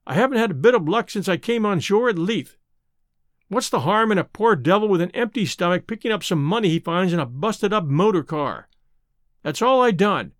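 A man voicing a hunted, hungry man putting on a surly, whining tramp act, talking roughly. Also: sits high, no room sound, studio quality.

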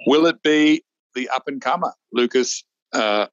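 A man co-hosting a casual golf preview chat, animated and rambling, often restarting his sentences. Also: mid-range voice, a little slow, no echo, highs cut off. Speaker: golf show co-host.

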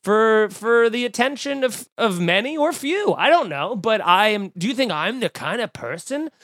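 A man hosting a casual podcast, telling stories and acting out quoted voices in an animated way. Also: high-pitched, moderate pace, dry recording, studio quality. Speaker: podcast host. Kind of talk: casual chat. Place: home room.

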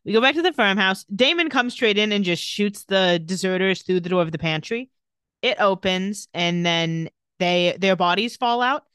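A woman's voice: mid-range voice, moderate pace, a bit bright, clear, resonant tone, no room sound, studio quality. Laughing woman recapping with acted-out quotes. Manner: acts out characters' lines with laughs. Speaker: podcast co-host. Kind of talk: casual chat recapping a TV episode.

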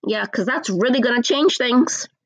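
A woman giving a blunt, sarcastic opinion rant, slowing down to stress her points. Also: on the high side, animated, a bit bright, no echo.

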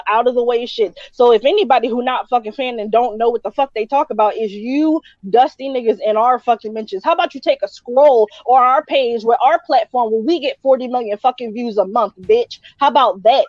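A woman's voice: a little high, a little fast, hardly any pauses, dry recording, lo-fi sound. A woman co-hosting a podcast who rants in a heated, sarcastic way and curses a lot. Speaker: podcast co-host. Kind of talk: profane ranting commentary.

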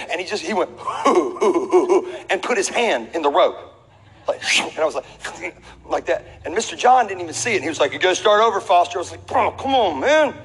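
A middle-aged man pastor telling a comic story in a lively sermon, acting out voices, laughing and sometimes shouting. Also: on the high side, breathy edge. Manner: animated, acts out voices, laughs, shifts to shouting. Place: large church auditorium. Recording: reverberant hall with faint ambience.

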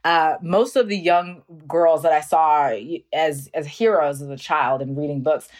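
A low-pitched woman from North Carolina talks through an interview. She is earnest and thoughtful and often laughs at herself. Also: a little slow. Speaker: guest, researcher. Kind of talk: interview conversation.

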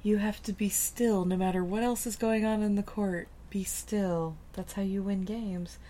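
A woman's voice: medium pitch, steady tone, normal speed, mellow. A woman co-hosting a podcast, chatting casually about a movie with joking, teasing asides. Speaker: podcast co-host. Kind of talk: casual movie recap chat.

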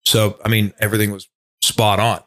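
A man's voice: on the low side, flat delivery, brisk, fairly bright tone. A man in his sixties, a retired TV weatherman, telling a casual, rambling story full of restarts and asides. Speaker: retired TV meteorologist, guest.

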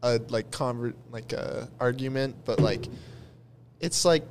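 A man's voice: mid-range voice, measured pace, a little mellow, slight background noise. A man co-hosting a podcast in casual chat, joking and teasing the others. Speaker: podcast co-host.

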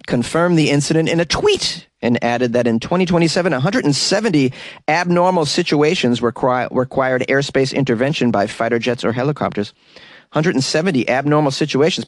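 In clean studio sound with no echo, a man with a mid-range voice and lively intonation hosts a comedy news podcast, speaking a little fast. He reads headlines and slips in sarcastic jokes between the items.

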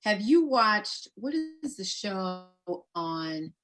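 A woman in casual chat, animated and stubborn, exclaiming often. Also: medium pitch, extremely slow.

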